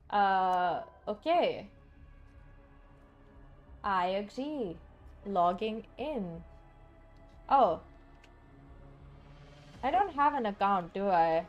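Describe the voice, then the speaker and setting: A woman's voice: mid-range voice, lively intonation, takes it slowly, pauses often, soft background music. A woman streaming from home, chatting casually and rambling with many fillers and restarts. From Singapore. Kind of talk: casual live-stream chat.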